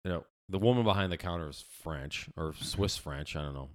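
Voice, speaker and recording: Young American guy, low-ish voice, swears a lot, acts out the characters in his stories. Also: fairly quick. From United States. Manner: profane storytelling, animated quoted voices. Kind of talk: casual chat.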